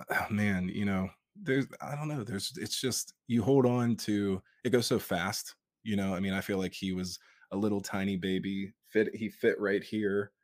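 A low-pitched man, recorded dry with clean studio sound, is interviewed as an author. He speaks in a heartfelt, earnest, emotional way and swears now and then.

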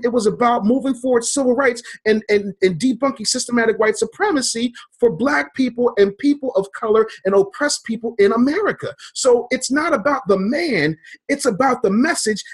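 A business coach with a very high, breathy-edged male voice speaks fervently in a motivational interview. He builds his points through repeated, preacher-like phrases.

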